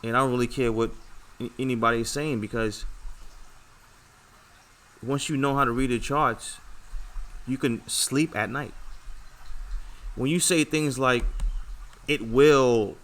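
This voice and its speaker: A young man talks from home on a casual livestream, earnest and a little preachy as he lectures his viewers. His voice is bright and forward, and he keeps checking in with them as he goes. The pitch sits in the middle for a man. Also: steady tone, measured pace, long pauses. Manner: earnest, repetitive, lecturing with many "okay" and "all right" checks. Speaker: trading livestream host.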